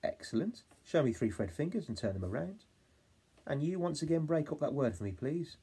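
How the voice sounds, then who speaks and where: A man with an English accent teaching a phonics lesson to young children, encouraging them and sounding out words slowly. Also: on the high side, big pitch swings, warm tone, breathy edge. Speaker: reception class teacher.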